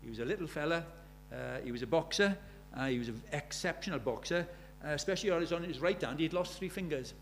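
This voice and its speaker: Earnest older preacher. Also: male voice, a little high, animated, quick pace, hardly any pauses, a little hiss or hum. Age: 70s. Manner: earnest, presses the congregation with rhetorical questions. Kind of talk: sermon. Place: church.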